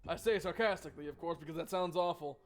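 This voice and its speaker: Man, streamer, high voice, chatty, joking, thinks aloud, live board game playthrough. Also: quick pace.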